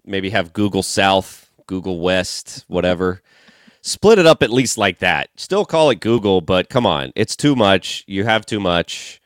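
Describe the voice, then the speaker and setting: A man's voice: low-pitched, big pitch swings, measured pace, no echo. A man in casual comedic podcast chat, laid-back and dry, playing along with jokes.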